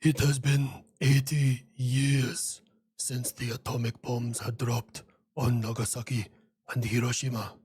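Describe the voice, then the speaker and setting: Casting: a proud, know-it-all personified America for a cartoon skit; dry close recording. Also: male voice, medium pitch, little pitch movement, measured pace, darkish tone, slightly rough, no echo. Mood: boastful. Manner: boastful, explains at length. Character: proud personified United States, male, lecturing. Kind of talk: comedic animated skit dialogue.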